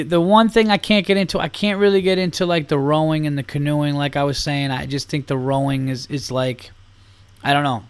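A man's voice: mid-range voice, clear, resonant tone. A man hosting a podcast, rambling and swearing through a comedic rant. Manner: rambling, profane, animated ranting. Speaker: podcast host. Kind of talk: comedic monologue.

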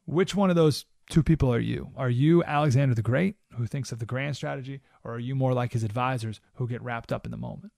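A man hosting a talk radio show, delivering an animated monologue and acting out quoted voices with sudden jumps in pitch. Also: brisk, creaky, hardly any pauses, no room sound, clean studio sound.

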